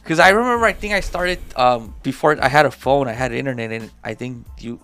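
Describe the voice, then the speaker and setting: A man's voice: medium pitch, a little fast, sharp tone, faint music behind. A man in his twenties, podcast co-host, talking in a loose, profane, rambling way with lots of fillers. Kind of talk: casual chat.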